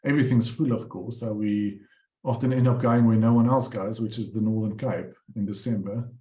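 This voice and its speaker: A man's voice: lowish voice, fairly even intonation, normal speed, warm tone, roomy sound. A man presenting his bird paintings, telling rambling anecdotes with many fillers and restarts. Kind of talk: casual storytelling talk.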